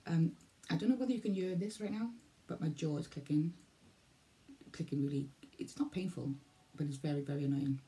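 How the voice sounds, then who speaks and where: A Welsh woman in her forties talks casually to camera as a vlogger, rambling, repeating herself and losing her thread. Her low-pitched voice is mellow and a little fast.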